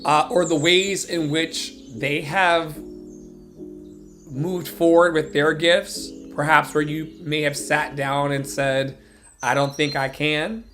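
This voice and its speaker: A man, somewhat high-pitched, delivers a fiery motivational livestream sermon. He preaches with emphasis and repeats himself for effect. Faint music plays behind him. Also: flat delivery, slow, fairly bright tone. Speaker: life coach. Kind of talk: impassioned motivational monologue. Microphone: phone or webcam livestream.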